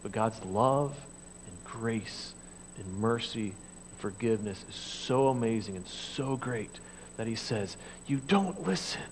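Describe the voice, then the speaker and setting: A middle-aged man preaching a sermon as pastor, speaking conversationally and swinging from hushed, low passages to loud, raised ones when he voices God and the people. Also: measured pace, slight background noise, rough recording.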